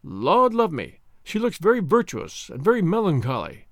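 A man's voice: sits high, wildly swooping pitch, normal speed, a bit bright, no room sound, clean studio sound, exaggerated voice. A man voicing a regal male prince with a courtly, drawling manner. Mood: gracious. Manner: courtly, drawling, alternately cold and gracious.

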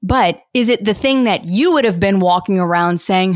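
A woman hosting a solo podcast, teaching with energy and acting out her listeners' complaints in quick voices. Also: mid-range voice, dry recording, studio quality. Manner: animated, acts out listeners' voices. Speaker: podcast host and coach.

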